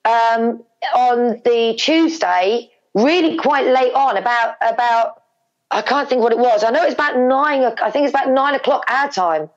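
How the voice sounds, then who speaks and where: Animated woman telling a family story. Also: on the high side, moderate pace, muffled recording. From England. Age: middle-aged. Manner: animated, repeats words, acts out family dialogue. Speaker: interview guest. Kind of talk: emotional storytelling.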